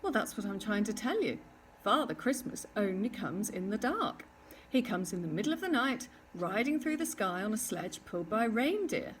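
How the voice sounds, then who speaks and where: A woman's voice: medium pitch, animated, normal speed, a little hiss or hum, lightly acted. A woman voicing a proud, bossy little girl with a matter-of-fact, know-it-all manner in a storybook reading. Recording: distant mic with faint ambience.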